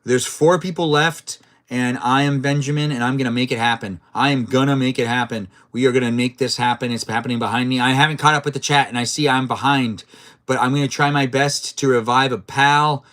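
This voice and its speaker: A man's voice: mid-range voice, fairly even intonation, brisk, fairly bright tone. Playful chatty male game streamer. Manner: playful, chatty, reads chat aloud and reacts to the game. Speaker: live streamer. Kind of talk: casual gameplay live-stream chat.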